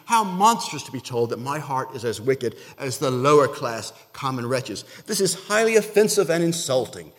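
Guy reading as a snooty high-class duchess, indignant, echoing around a big hall. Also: close to an everyday voice. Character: haughty aristocratic older duchess, scornful. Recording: long hall reverb.

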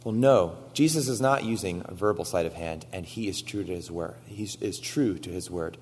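A man preaching a sermon, retelling stories with animated quoted lines and frequent "right?" asides. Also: low voice, normal speed, husky, in a large hall. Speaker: pastor.

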